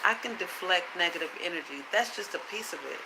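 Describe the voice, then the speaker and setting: A woman vlogging to camera in a casual monologue, blunt and profane, asking rhetorical questions in a calm, preachy way. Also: fairly low pitch, fast talker, noisy background.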